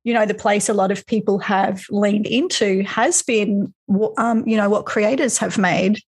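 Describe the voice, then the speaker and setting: A woman with an ordinary middle-pitched voice, talking in a relaxed, chatty way. She shares personal anecdotes and loosely linked thoughts in a casual conversation. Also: unhurried, husky. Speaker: astrology podcast host.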